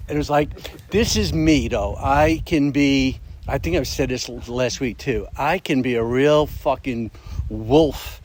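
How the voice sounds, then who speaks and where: A middle-aged man telling a story at a recovery meeting in a casual, animated way, swearing and acting out the voices of the people in it. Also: medium pitch, a little slow, slight background noise. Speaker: speaker sharing at a recovery meeting.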